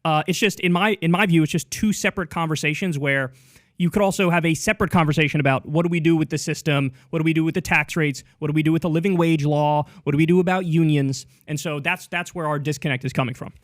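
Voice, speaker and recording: A man's voice: fairly high pitch, fast talker, no room sound, clean studio sound. A man as a podcast guest, laying out his argument in articulate, structured points. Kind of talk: debate.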